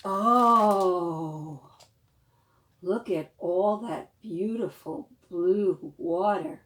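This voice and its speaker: A woman librarian leading a children's storytime, reading a picture book aloud with animated questions to the young listeners. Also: fairly low pitch, extremely slow. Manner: animated, questions to the children, gasps and sing-song.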